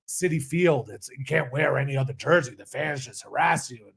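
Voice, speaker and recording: A man's voice: medium pitch, moderate pace, gravelly, a bit bright, husky. A man co-hosting a podcast in casual chat, laughing often and chiming in with short replies. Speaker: podcast co-host.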